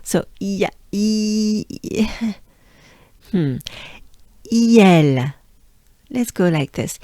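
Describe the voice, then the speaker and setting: A woman from France with a French accent, coaching pronunciation by slowly repeating and exaggerating each sound. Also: fairly low pitch, mellow, no echo, clean studio sound. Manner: drills words slowly with exaggerated repetition. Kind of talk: slow pronunciation lesson.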